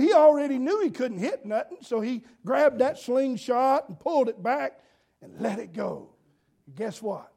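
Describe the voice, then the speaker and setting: A man's voice: extremely high pitch, a little mellow. A man preaching a folksy sermon, telling homespun stories in an earnest, repetitive way. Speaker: pastor.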